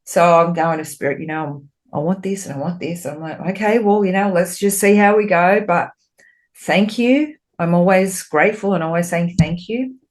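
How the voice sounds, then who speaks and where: Swearing freely, a female spiritual medium and podcast co-host chats casually in a frank, expressive manner. She becomes animated whenever she relates what passed between her and spirit. She speaks on the low side at a moderate pace.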